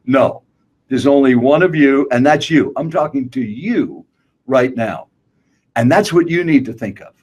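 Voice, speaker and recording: A man's voice: mid-range voice, expressive, a little slow, darkish tone, breathy edge. An older man teaching public speaking, emphatic and direct, asking rhetorical questions. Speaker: guest speaker. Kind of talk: motivational speaking coaching.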